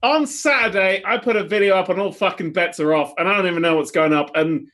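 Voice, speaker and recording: A man who is a guest on a podcast, chatting in a rambling, animated way and swearing. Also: sits high, fast. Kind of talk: casual podcast chat.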